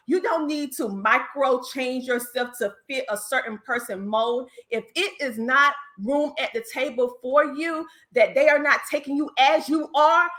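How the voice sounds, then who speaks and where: A woman's voice: high voice, bright, forceful tone. A woman with a Southern US accent, a business coach giving an emphatic, preacher-like motivational talk on a video call, calling listeners honey. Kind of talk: motivational speech in an online panel.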